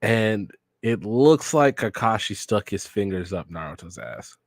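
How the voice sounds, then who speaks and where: A man's voice: lowish voice, big pitch swings, a little slow, dry recording. A young man hosting a channel, retelling manga panels play-by-play in a casual, run-on way with incredulous joking asides. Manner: recounts panels in a run-on 'and then he's like' way. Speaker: host reading a manga aloud for the first time.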